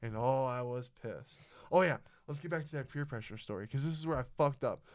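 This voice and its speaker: A young man hosting a podcast, telling a story in casual chat, animated and swearing a lot. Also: medium pitch, fairly quick. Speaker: podcast host.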